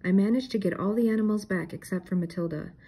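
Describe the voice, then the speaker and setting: A woman's voice: fairly low pitch, moderate pace, warm tone, breathy edge, poor audio. Woman voicing a grumpy old farmhand. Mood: worried. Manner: grumbling, complaining. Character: grumpy older male farmhand.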